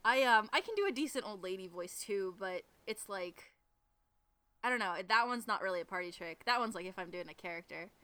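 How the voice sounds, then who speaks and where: A woman's voice: medium pitch, expressive, a little fast, pushed and bright, clear, resonant tone. A woman from the northern United States co-hosting a casual chat podcast, giggly and full of fillers. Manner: giggly, lots of fillers and laughter. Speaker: podcast co-host. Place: outdoors behind a garage.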